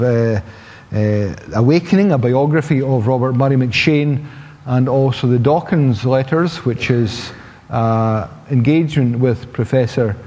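A man in a church formally introducing a guest preacher, speaking in a measured, slightly halting way. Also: mid-range voice, warm tone, slightly rough. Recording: long hall reverb with faint noise.

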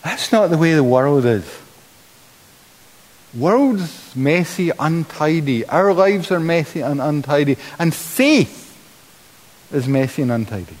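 A man preaches a sermon in a lively voice, somewhat high-pitched. He acts out the lines he quotes with bursts of emphasis. The sound carries the long reverb of a church. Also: slow pace. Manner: animated, dramatizes quotes with exclamation.

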